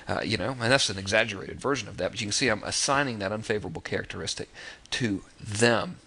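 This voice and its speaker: A man's voice: on the low side, quick pace, creaky, bright, forceful tone, husky. A man in his thirties giving a casual spoken lesson on marketing copy, talking loosely with fillers and restarts and acting out quoted lines. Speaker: marketing course instructor. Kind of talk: casual spoken lesson walking through sales letters.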